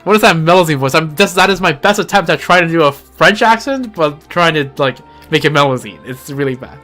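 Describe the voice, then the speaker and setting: Animated gaming commentator. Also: medium pitch, brisk, soft background music. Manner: animated, joking, reacts loudly. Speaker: gaming YouTuber. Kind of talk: casual commentary while playing.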